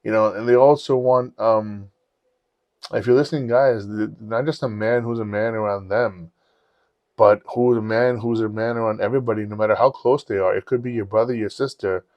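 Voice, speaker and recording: A man on a podcast telling personal stories in a candid, profane, animated way. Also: on the low side, normal speed, no echo, highs cut off. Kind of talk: casual storytelling chat.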